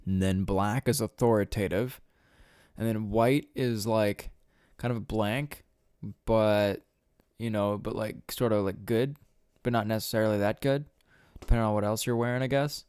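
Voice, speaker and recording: Man, low smooth voice, dry close sound, rambling podcast rant, casual swearing. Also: steady tone, normal speed, darkish tone, no echo. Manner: rambling, swears often, laughs at own jokes. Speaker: podcast host.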